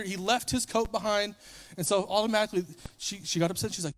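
A man's voice: high-pitched, quick pace, fairly bright tone. A man preaching a sermon, retelling a story in a casual, conversational way and briefly acting out the characters.

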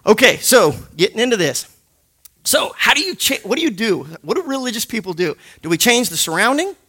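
A man teaching a Bible study group in an animated, jokey way, punctuating points with loud sound effects. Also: high-pitched, a little fast. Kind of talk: lively teaching talk to a group.

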